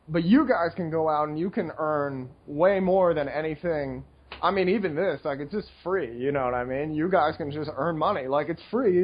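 Male podcast host, husky and animated, talks in loose rambling bursts; muffled lo-fi recording. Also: fairly high pitch. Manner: excitable, rambling, laughs often. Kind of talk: casual chat.

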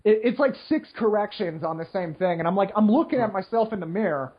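Speaking fast in a high, slightly rough voice with lively intonation, a poker player delivers a loose, filler-heavy monologue. He keeps asking "right?" and imitates complainers in whiny mock voices, all on a slightly muffled, lo-fi recording.

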